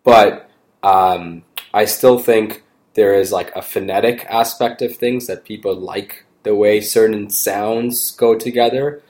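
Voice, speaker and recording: A man's voice: lowish voice, steady tone, takes it slowly, darkish tone. A man in casual conversation, explaining his views in a rambling, hesitant way. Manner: rambling, hesitant, many restarts.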